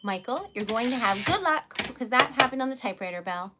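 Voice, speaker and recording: A woman livestream host and poet chatting casually and giggling often, with scattered, unhurried talk. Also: fairly high pitch, animated, heavy background noise. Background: typewriter clacking.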